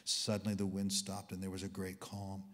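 A man's voice: low-pitched, completely flat delivery, normal speed. Dynamic male preacher in a reverberant hall. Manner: dynamic, swings between loud exclamations and hushed whispers. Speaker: guest preacher. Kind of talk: sermon. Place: church hall.

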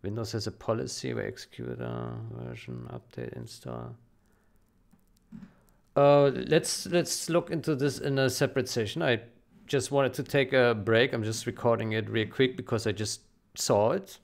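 Gravelly man stammering with joy. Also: medium pitch. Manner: halting, repeats himself, overwhelmed with joy. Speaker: game modding developer. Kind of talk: casual emotional vlog recording.

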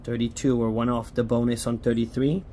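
A man's voice: mid-range voice, slight background noise. A man giving casual running commentary as he scratches lottery tickets, chatty and hopeful, pleading with each ticket to hit.

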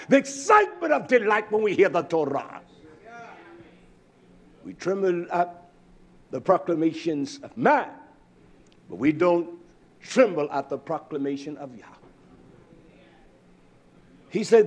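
A male preacher delivering a fiery sermon, swinging between low drawn-out phrases and shouted lines. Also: big pitch swings. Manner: chants and sings repeated words.

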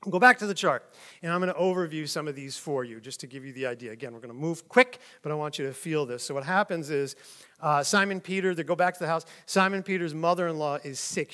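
A man teaching from the Bible in a relaxed, conversational way. He reads passages aloud and then explains them informally. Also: on the high side. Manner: conversational, with frequent "like" and "kinda". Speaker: preacher.

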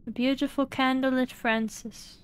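A woman's voice: high voice, little pitch movement, moderate pace, smooth. A young woman streaming a horror game, chatting playfully and breaking into mock-dramatic outbursts.

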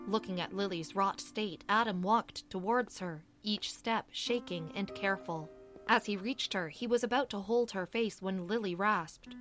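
A woman's voice: medium pitch, a bit bright. Woman narrating an audiobook.

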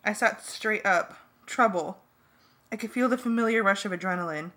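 A woman reading a first-person novel aloud as an amateur audiobook, in a plain, steady manner. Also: mid-range voice, moderate pace. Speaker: audiobook reader.

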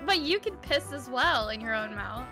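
A woman's voice: fairly high pitch, expressive, moderate pace. A woman chatting casually over gaming voice chat, giggly and amused. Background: game music.

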